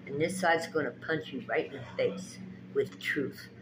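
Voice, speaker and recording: Slow, preachy spiritual woman vlogger. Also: rumbling low, noisy background. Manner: preachy, emphatic, repetitive phrasing; folksy, direct address to viewers. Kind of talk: spiritual pep talk with tarot reading.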